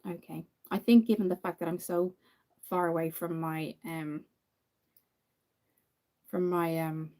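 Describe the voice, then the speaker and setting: Irish girl chatting away to viewers while doing makeup, warm mellow voice, lots of ums. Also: lowish voice, fairly even intonation, measured pace, pauses often. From Ireland. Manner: chatty, answers viewer comments, many fillers. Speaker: makeup livestream host. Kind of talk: casual live chat while doing makeup.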